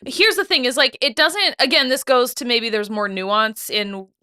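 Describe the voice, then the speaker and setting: A woman's voice: on the high side, normal speed, pushed and bright, no echo, clean studio sound. A woman co-hosting a casual TV recap chat, talking loosely with many fillers and restarts. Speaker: podcast co-host.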